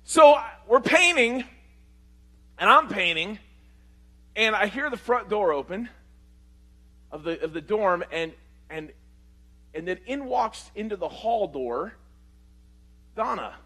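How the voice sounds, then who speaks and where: High-voiced animated male pastor. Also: slow pace, long pauses. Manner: animated, swings between loud and hushed. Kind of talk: storytelling sermon.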